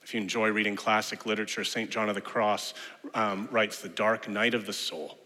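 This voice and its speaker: Male pastor preaching, bright and forceful, lively storyteller, long hall reverb. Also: fairly low pitch, normal speed. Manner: animated storyteller who acts out quoted voices. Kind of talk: sermon.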